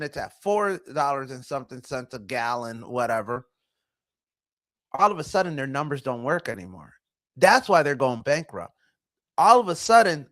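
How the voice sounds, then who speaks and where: A man hosting a casual commentary show, talking in an animated way, with rhetorical questions and mocking voices. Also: fairly high pitch. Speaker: show host.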